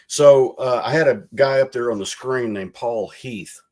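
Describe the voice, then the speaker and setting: This guest, a man who used to be a legislator, meanders through his recollections on a video call, animating the quotes he repeats. His mid-range voice moves a little slowly, and the storytelling is relaxed.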